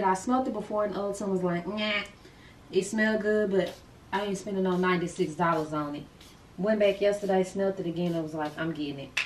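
A middle-aged woman, talking casually to camera in a vlog. Her voice sits at a medium pitch, chatty and laid-back, now and then loud and excited. A phone recording with faint noise in the background. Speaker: vlogger.

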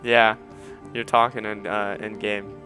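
A young man playing a game with his dad, giving constant orders, swearing and shouting when excited. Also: lowish voice, a little slow, over music. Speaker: gamer leading his dad.

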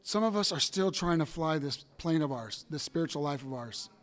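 A man preaching a sermon as pastor, emphatic, bursting into shouts and acting out stories. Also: a little high, expressive, normal speed, big-room sound.

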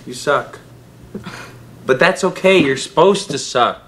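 Brash rabbi giving a tough-love pep talk, mid-high voice. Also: male voice, animated, measured pace, heavy background noise. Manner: blunt, coaxing pep talk. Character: blunt, pep-talking young rabbi tutor.

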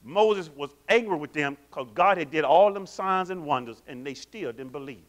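Animated, high-voiced preaching man. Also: moderate pace. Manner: animated, quizzes the congregation with call-and-response questions. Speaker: pastor. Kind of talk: sermon.

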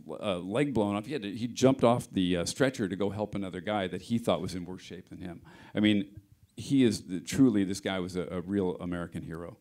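A man's voice: on the low side, darkish tone. A middle-aged man, a film sound mixer, explaining his work at a panel interview, hesitant with many restarts.

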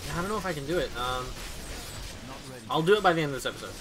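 A man's voice: fairly high pitch, expressive, racing. A man chatting casually while playing a co-op game, joking, swearing and laughing a lot. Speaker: gamer on a co-op session. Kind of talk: casual gaming chat. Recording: noisy background.

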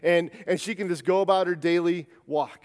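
Man, pastor, sermon, conversational with restarts, slightly high voice, long church-hall reverb. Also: steady tone, normal speed. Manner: conversational preaching with frequent restarts. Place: church sanctuary.

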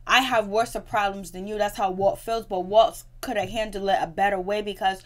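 A woman's voice: medium pitch, fairly even intonation, moderate pace. A woman giving a casual spoken recap of a reality show episode, chatty and slangy, often laughing as she retells scenes. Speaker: TV recap vlogger.

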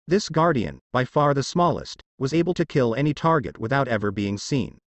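A man narrating a fan fiction story in an even storytelling delivery. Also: mid-range voice, dry recording, highs cut off.

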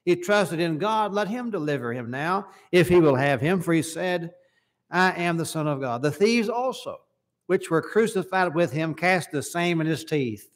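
A man's voice: on the high side, expressive, moderate pace. A man preaching a sermon in a church service, reading scripture passages aloud and asking the congregation questions. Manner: reads scripture aloud in King James wording, asks the hearers questions.

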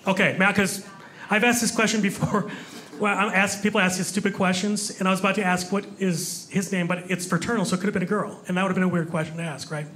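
A man doing stand-up comedy and chatting with the audience, excitable and quick to shout in surprise. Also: sits high. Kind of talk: stand-up comedy with crowd work. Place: comedy club stage before an audience.

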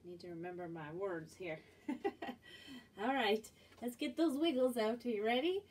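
A woman's voice: mid-range voice, normal speed, darkish tone, breathy edge. A woman librarian leading children's music and movement, singing action songs in a sing-song, encouraging way. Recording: voice distant from the mic.

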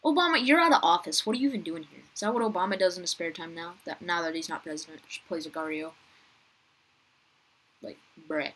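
Young woman gamer, husky and a touch low, casual chatty play-by-play with a rough throat. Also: fairly even intonation, a little fast, fairly bright tone, poor audio. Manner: chatty, talks to viewers and players on screen. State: rough, uncooperative voice, clearing throat. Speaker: gaming youtuber. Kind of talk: casual gameplay commentary.

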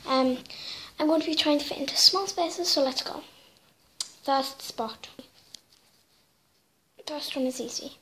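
A woman's voice: high-pitched, measured pace, pauses often, a bit bright. A woman vlogging in a casual, playful and self-mocking way. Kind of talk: casual vlog chat.

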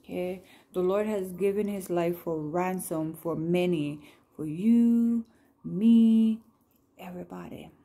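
Soft, slow-talking woman sharing prayers. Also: lowish voice. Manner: gentle, apologetic, laughs at herself. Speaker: Christian vlogger sharing scripture cards. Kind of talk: casual devotional chat with read-aloud scripture and prayers.

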